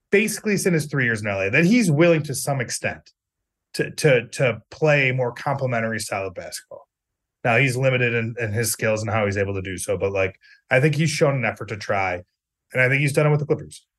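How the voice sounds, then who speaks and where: A man's voice: medium pitch, animated, a little fast, a bit bright. A middle-aged man co-hosting a casual sports podcast, talking in a chatty, jokey way with plenty of fillers. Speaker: podcast co-host, sports reporter.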